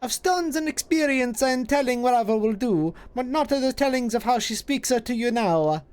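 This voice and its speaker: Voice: mid-range voice, animated, clean tone, pitched above the performer's own voice, lightly acted. A streamer voicing an ancient female hag, cryptic and possessive, with archaic twisted phrasing and a drifting put-on foreign lilt. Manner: archaic twisted word order, hissing and drawn-out.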